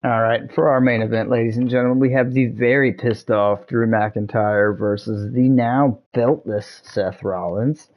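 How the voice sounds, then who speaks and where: A man's voice: on the low side, measured pace, few pauses, muffled recording. A young man hosting a gaming video, rambling and joking with frequent laughs and swearing. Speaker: gaming channel host. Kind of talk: let's-play commentary.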